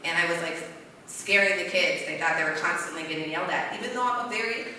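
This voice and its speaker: A woman doing rambling, self-deprecating stand-up at an open mic night in a bar, with a voice she calls deep. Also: fast, bright, forceful tone, a little hiss or hum. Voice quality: deep-sounding voice. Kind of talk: stand-up comedy. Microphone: stage mic in a bar. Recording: roomy hall, voice from far off.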